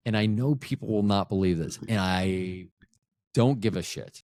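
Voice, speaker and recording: A man's voice: fairly low pitch, moderate pace, a little mellow, dry recording, clean studio sound. A middle-aged man recovering from a stroke, hosting a podcast in a rambling, profane, self-interrupting monologue that often loses its thread. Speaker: podcast host.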